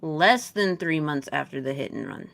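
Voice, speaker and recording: A woman's voice: low-pitched, expressive, normal speed, creaky, fairly bright tone, no echo. A woman hosting a commentary show, adding dry, sarcastic remarks over video clips. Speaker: commentary host.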